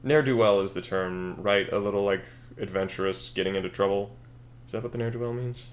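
Rambling young man, lowish voice. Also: fairly quick, slight background noise. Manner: rambling, thinks aloud with fillers and self-corrections. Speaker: podcast co-host. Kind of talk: casual podcast chat, brainstorming a story.

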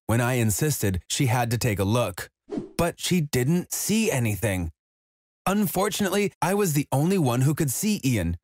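A man telling a scripted first-person story in an even, measured way. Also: medium pitch, no echo, studio quality. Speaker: narrator.

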